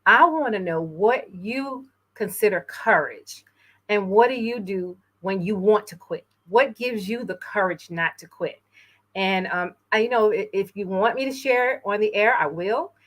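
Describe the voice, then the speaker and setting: A woman from New York hosting an inspirational talk show, speaking earnestly and a little emotionally, with frequent pauses. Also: medium pitch, fairly bright tone. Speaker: host.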